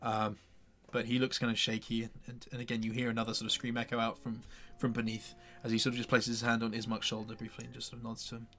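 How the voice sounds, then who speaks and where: A man's voice: mid-range voice, completely flat delivery, quick pace, hardly any pauses, a bit bright, a little hiss or hum. A man narrating as game master for a tabletop game, hesitant and full of fillers.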